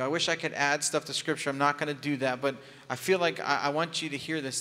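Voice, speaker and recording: Guy preaching, tells stories like he's just chatting, kinda high pitched and sharp sounding. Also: fairly quick. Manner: candid, conversational storytelling with humor. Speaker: pastor. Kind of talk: storytelling sermon. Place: church sanctuary. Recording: long hall reverb.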